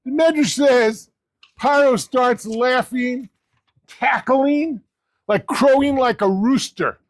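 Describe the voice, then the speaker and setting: A man's voice: very high-pitched, slow pace, no echo. A man, head of a yeshiva, giving a casual Torah class on the weekly portion and quizzing his listeners with questions.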